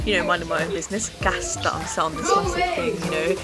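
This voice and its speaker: A young woman, a podcast host, telling a story in a lively way, laughing often and acting out the voices of the people in it. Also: fairly low pitch, fast. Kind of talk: casual chat. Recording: music playing under the voices.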